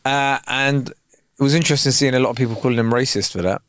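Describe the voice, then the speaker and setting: A man's voice: medium pitch, quick pace, a bit bright, clear, resonant tone, no room sound, studio quality. A man co-hosting a podcast, telling stories and arguing his opinions emphatically in casual banter. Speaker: podcast co-host.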